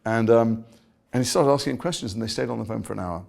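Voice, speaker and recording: Fast-talking British man, gravelly low voice. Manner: animated storyteller, quick and self-mocking. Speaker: actor guest. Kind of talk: conversational interview.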